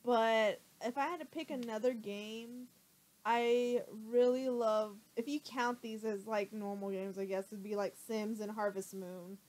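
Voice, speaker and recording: A woman's voice: fairly high pitch, fairly even intonation, measured pace, darkish tone, low-quality recording. Stream co-host: a light-voiced woman, chatty and giggly, reading viewer questions between laughs. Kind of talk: casual chat.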